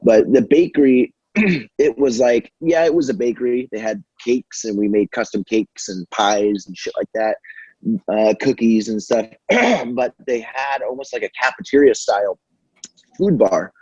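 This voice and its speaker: A man's voice: medium pitch, measured pace, a little mellow, husky, dry recording, dull audio. A young man telling stories in a casual podcast chat, rambling and profane with many fillers. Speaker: podcast guest.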